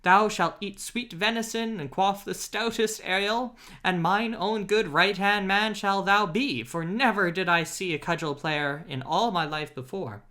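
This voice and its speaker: A man's voice: high-pitched, measured pace, few pauses, sharp tone. A man voicing a jolly, bold outlaw leader who speaks old-fashioned English with a hearty, laughing manner, in an audiobook reading. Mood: commanding. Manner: hearty, laughing, archaic speech. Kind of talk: audiobook character voice.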